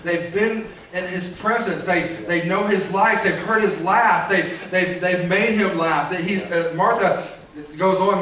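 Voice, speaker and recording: A man preaching a sermon as pastor, animated, acting out voices and calling on the congregation to respond. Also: sits high, recorded from a distance. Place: church sanctuary. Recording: echoey church hall, miked from afar.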